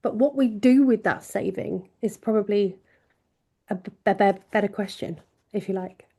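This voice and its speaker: A woman talking as a guest panelist in a webinar discussion, thoughtful and pausing with frequent ums. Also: medium pitch, vocal fry, warm tone, husky.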